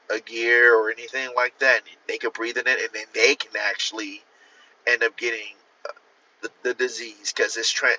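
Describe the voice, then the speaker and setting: Male livestream host, casual and profane, rambling; bright, forceful tone, muffled phone audio. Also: mid-range voice. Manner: profane, rambling, talks straight to viewers; answers viewer comments. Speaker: author hosting a livestream.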